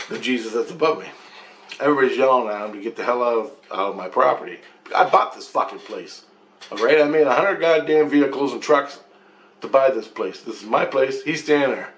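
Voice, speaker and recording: A man's voice: medium pitch, lively intonation, a little fast, fairly bright tone, a little hiss or hum, low-quality recording. A man telling a rambling first-person story with profanity and restarts. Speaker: vlogger.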